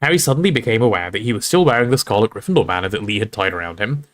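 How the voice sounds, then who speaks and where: Man reading a novel aloud with lively expression. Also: fairly low pitch, rapid-fire. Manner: lively, expressive storytelling with casual asides.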